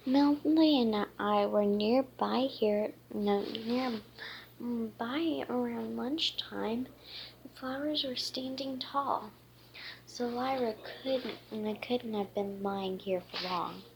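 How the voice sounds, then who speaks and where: A woman voicing a young female candy fairy in a storybook reading, halting and stumbling over her lines. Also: a little high, gravelly, slight background noise. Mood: worried.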